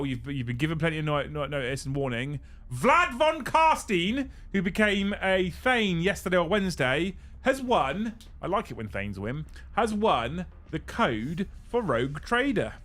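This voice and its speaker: A young British man hosting a live stream, excitable and swearing casually as he runs giveaways. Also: medium pitch. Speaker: livestream host.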